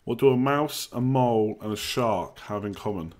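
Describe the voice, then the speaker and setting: A man's voice: fairly low pitch, normal speed, a little mellow. A young man hosting a live stream, chatting casually, joking and reading out the chat. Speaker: livestream host.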